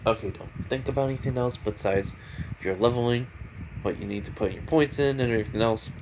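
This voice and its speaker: A man's voice: mid-range voice, fairly quick, natural voice. A man voicing a cocky, mocking teenage boy hero in a casual fan story reading, over an air conditioner hum. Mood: flustered. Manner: teasing, taunting.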